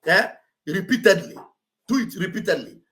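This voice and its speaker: A woman hosting a live stream, mocking her subject with sarcastic shouting and mock wailing. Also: medium pitch, lively intonation, moderate pace. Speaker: online show host. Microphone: live-stream setup.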